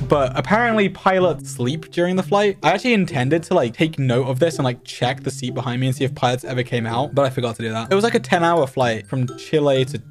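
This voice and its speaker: A young man telling a story to his stream in a casual, rambling way, full of "like" fillers and indignant, amused asides. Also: a little high. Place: home streaming setup.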